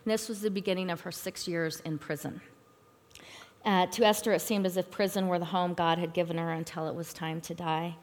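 A middle-aged woman giving a personal testimony at a church talk, earnest and halting, with frequent fillers. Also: fairly low pitch, fairly even intonation. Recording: long reverb in a hall.

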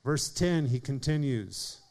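A man preaching a sermon in an earnest way, speeding up and slowing down for emphasis and calling on listeners by name. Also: mid-range voice, animated, a little mellow. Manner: earnest preaching, shifting pace and volume for emphasis. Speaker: pastor.

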